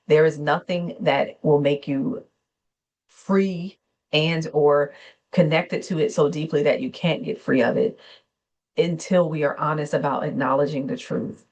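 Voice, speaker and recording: Her low, steady voice carries a soothing, unhurried wellness talk. This woman therapist and channel host speaks off the cuff, gently correcting herself in small ways along the way.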